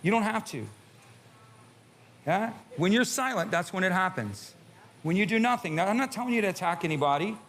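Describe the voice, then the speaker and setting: A man's voice: high voice, big pitch swings, a little fast, pauses often, a bit bright. A middle-aged man preaching a sermon as pastor, emphatic and pressing the congregation with rhetorical questions. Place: church sanctuary with a live congregation.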